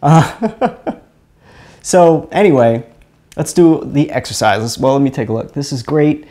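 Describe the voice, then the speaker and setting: A man's voice: on the high side, animated, dark tone. Rambling man hosting a live stream. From Mississippi, USA. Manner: rambling, chuckling, halting restarts. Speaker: host of an energy healing live stream. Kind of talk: casual live-stream teaching.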